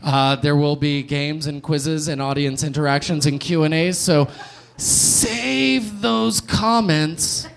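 A man's voice: fairly high pitch, level tone, normal speed, few pauses, slight background noise. A young man hosting and doing stand-up on a comedy club stage, sardonic and riffing, with casual swearing.

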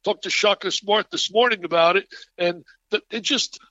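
Man in his eighties, animated storyteller, bright forceful voice, muffled lo-fi sound. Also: high voice, moderate pace, no echo. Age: 80s. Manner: excitable, animated storyteller with frequent laughs. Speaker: guest. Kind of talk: enthusiastic storytelling interview.

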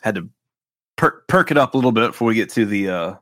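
A man with a fairly low voice talks through basketball numbers in a loose, rambling podcast chat. He doubles back on his phrases and sounds a little wry. The sound is close and dry. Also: expressive, quick pace, fairly bright tone, dry recording. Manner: rambling, restarts phrases, wry about stats. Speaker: podcast host. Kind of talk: casual sports podcast chat.

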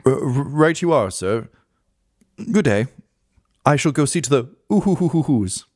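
A man doing a fussy servant clerk in a tabletop game, stammering and bowing to his master, then puffing up with pompous scorn for the lower classes. The pitch swings lively through each line. The sound is dry and close. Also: normal speed, no echo, lightly acted. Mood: deferential. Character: fussy, snobbish male clerk servant, adult. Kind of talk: tabletop role-play.

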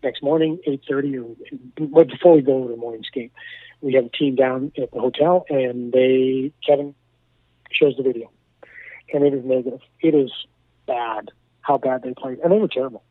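This man, once a hockey coach and now a broadcaster, speaks in a mid-range voice at a moderate pace with no room sound. Telling stories animatedly on a radio interview, he repeats words and acts out quoted lines, and the tinny phone line sounds dry.

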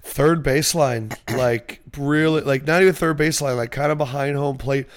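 A young man chatting about sports on a podcast, full of animated stories and casual swearing. His voice sits at an everyday middle pitch. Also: moderate pace. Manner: animated storyteller, swears freely.

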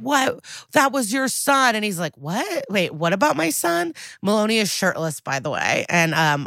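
A woman co-hosting a podcast in casual chat, recapping a TV episode and acting out the characters' lines with sudden jumps in pitch. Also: bright, forceful tone, no echo, clean studio sound.

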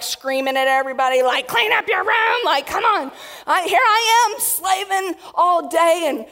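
A woman preaching a sermon to a congregation, animated and acting out quotes in different voices. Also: high-pitched. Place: church hall with audience. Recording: long reverb of a hall.

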